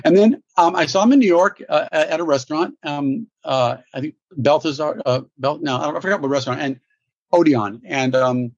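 A man, a guest actor, telling stories in an interview, animated and laughing, with many restarts. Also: fairly high pitch, fairly quick, dry recording, dull audio. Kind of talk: storytelling interview.

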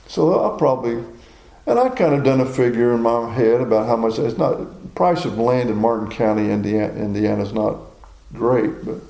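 A man's voice: mid-range voice, lively intonation, normal speed, gravelly, mellow, roomy sound, low-quality recording. A man in his sixties preaching a sermon in a folksy, personal storytelling way. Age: 60s.

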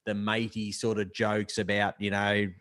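Talkative, enthusiastic male guest, lowish voice, dry mic. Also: monotone, normal speed, a bit bright, no echo. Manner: enthusiastic, talkative, long flowing turns. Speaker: podcast guest. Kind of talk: casual motorsport chat.

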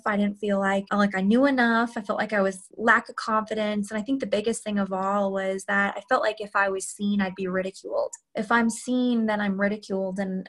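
A woman's voice: mid-range voice, fairly bright tone. A woman in her thirties, a guest telling a candid personal story in a chatty way, full of "like" and "you know". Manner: chatty, frequent "like" and "you know", quick asides.

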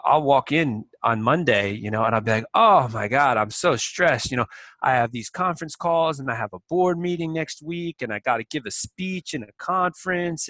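A man being interviewed talks through his ideas with energy, acting out his own inner voice and often restarting sentences. His tone is bright and forceful. The recording is dry and close, with no room sound. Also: medium pitch, dry recording, rough recording. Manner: animated storyteller who acts out his inner thoughts, many restarts. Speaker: guest, company president. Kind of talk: conversational interview.

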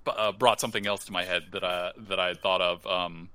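A man's voice: sits low, steady tone, brisk, pushed and bright, clean tone, no room sound. A man in a casual podcast chat, rambling and repeating words as he talks.

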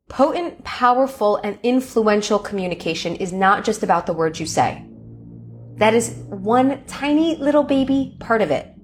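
A woman hosting a podcast, giving a coaching talk on communication and acting out little enthusiastic quotes along the way. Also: medium pitch. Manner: expressive, acts out enthusiastic quotes. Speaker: podcast host. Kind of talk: coaching monologue.

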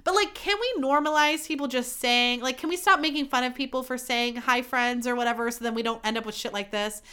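A woman's voice: a little high, a little fast, bright, forceful tone, smooth. A young woman hosting her own podcast, chatting candidly and swearing freely in a self-mocking way. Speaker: podcast host. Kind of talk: casual solo podcast chat.

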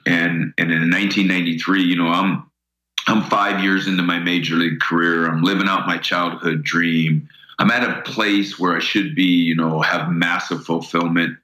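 A man's voice: low voice, sharp tone, roomy sound, low-quality recording. A middle-aged man telling an earnest personal story as an interview guest, often repeating words as he starts a sentence.

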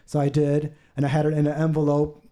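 Earnest man with a very dark voice. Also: fairly high pitch, completely flat delivery, fast talker. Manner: earnest, heartfelt storytelling; acts out what others said. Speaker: podcast guest. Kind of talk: personal testimony.

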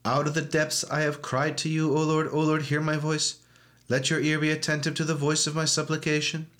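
A man intones psalms and liturgical chant in a church service. His voice sits fairly high for a man and stays almost completely flat in pitch, with the steady rhythm of liturgical recitation. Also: brisk.

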